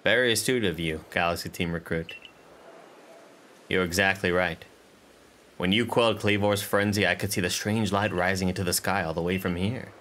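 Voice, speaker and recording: Man reading as a soft, fussing clan elder. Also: low voice, fairly even intonation, normal speed, a little hiss or hum. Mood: musing. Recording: game music playing under voice.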